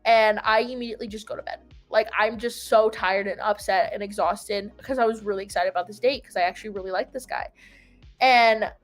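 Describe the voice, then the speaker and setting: A woman's voice: medium pitch, steady tone, brisk, faint music behind. A young adult woman telling a long story in casual chat, rambling and peppered with "like". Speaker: host.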